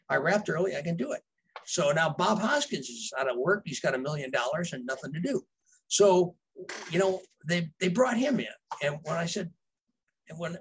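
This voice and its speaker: A man's voice: a little high, a bit bright, a little hiss or hum, rough recording. A man, a novelist guest, telling casual behind-the-scenes stories in a rambling way, with fillers and restarts. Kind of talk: casual storytelling.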